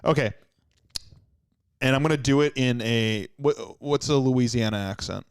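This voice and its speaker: Crude joking podcast host, dry sound. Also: male voice, medium pitch, moderate pace, smooth, no echo. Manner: crude, animated, riffing on restaurant reviews. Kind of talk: casual comedic banter.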